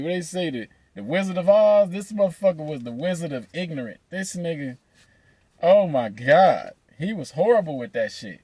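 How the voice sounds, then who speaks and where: A man telling a profane, animated story, laughing between lines. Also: on the high side, dry recording. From Atlanta, USA. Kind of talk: casual storytelling.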